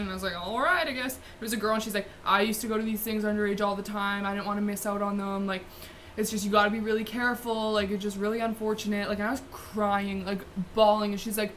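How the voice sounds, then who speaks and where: A woman's voice: mid-range voice, a bit bright, a little hiss or hum. A young woman, telling a story casually with lots of "like" fillers, swearing and laughing. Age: young adult. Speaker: vlogger.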